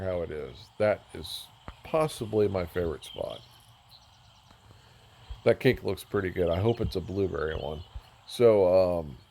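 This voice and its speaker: Touring a game build, this man speaks in a low voice with a darkish tone. He rambles casually, pokes fun at himself, and keeps getting sidetracked into tangents.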